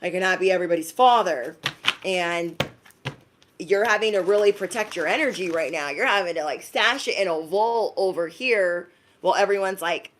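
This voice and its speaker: A woman's voice: medium pitch, moderate pace, slight background noise. A woman giving a live-streamed zodiac reading. She is chatty and slangy, talks straight to her viewers, and often acts out quoted voices. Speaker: intuitive card reader.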